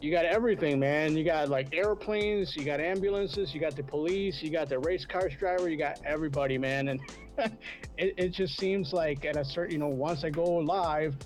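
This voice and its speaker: A man talking as a guest on a live stream from a high-rise apartment, laid-back and easygoing. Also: normal speed, soft background music. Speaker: guest YouTube creator. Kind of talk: casual interview chat.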